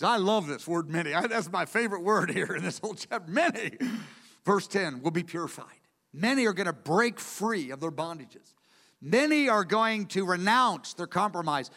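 High-voiced man teaching a sermon. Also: pushed and bright. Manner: earnest, emphatic, repeats key words for stress. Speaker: Bible teacher. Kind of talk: teaching sermon from lecture notes.

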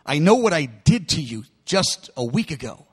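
A preacher acting out Peter, ashamed and halting. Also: male voice, on the high side, very animated, breathy edge, big-room sound, pitched below the performer's own voice. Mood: mumbling ashamed. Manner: halting, pleading, mumbling at times. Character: Peter, remorseful grown male disciple. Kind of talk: sermon storytelling.

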